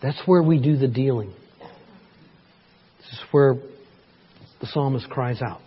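A man's voice: mid-range voice, a little slow, slightly rough, dull audio. A man preaching a sermon in church, reading scripture aloud and rising to emphatic peaks, often asking the congregation for agreement. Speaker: pastor.

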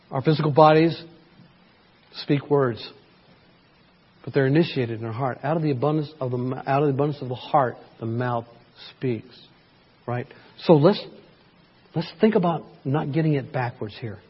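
A man's voice: on the high side, husky, lo-fi sound. A man preaching a sermon in church, reading scripture aloud and rising to emphatic peaks, often asking the congregation for agreement. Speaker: pastor.

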